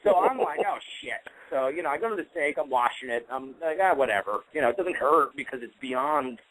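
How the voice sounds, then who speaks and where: A man's voice: a little high, brisk, a bit bright, rough recording. A man co-hosting a casual online talk show, telling long stories with many fillers. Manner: rambling storyteller, many fillers. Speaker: co-host. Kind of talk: casual podcast chat. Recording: internet radio call with faint noise.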